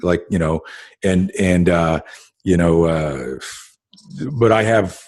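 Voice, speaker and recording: A man's voice: low voice, takes it slowly, a little mellow, dry recording. A middle-aged man in casual conversation as a podcast host, rambling through stories with lots of fillers and swearing.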